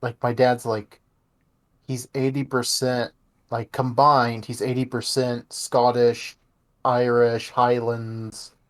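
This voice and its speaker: A man's voice: medium pitch, level tone, slow pace. A young man with a slight Texan accent, co-hosting a casual podcast chat, rambling and cutting himself off mid-sentence. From Texas. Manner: rambling, self-interrupting storyteller. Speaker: podcast co-host.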